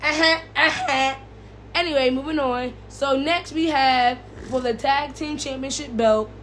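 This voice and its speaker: A woman's voice: high voice, a little slow, a bit bright, a little hiss or hum. A woman co-hosting a casual wrestling podcast, ranting bluntly with lots of slang and swearing. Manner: profane, heated ranting. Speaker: podcast co-host. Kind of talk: casual chat.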